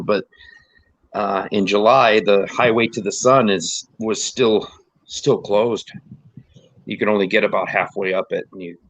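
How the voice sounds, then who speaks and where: A man's voice: on the low side, fairly bright tone, dry recording. A man from the United States telling casual road-trip stories in a rambling way, laughing as he goes. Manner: rambling storyteller, laughs often. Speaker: podcast host. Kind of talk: casual chat. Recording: dull lo-fi dry recording.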